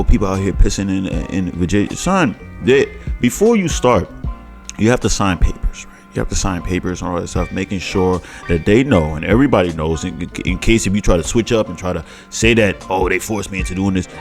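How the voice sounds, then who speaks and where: A man hosting a reaction video, talking in a mocking, sing-song way with stammering restarts. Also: sits low. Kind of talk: casual mocking commentary.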